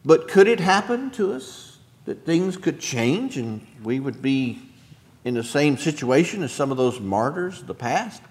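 A man preaching a sermon as pastor, emphatic, dropping soft and then rising loud, with throat-clearing and chuckling asides to the congregation. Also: fairly high pitch, big pitch swings, a little slow.

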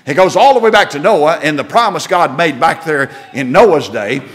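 A high, bright male voice carries this sermon. He talks in a homespun, conversational style, leaning on rhetorical questions and plain speech. His pitch rises and falls freely as he tells the story. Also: lively intonation, normal speed. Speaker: preacher.

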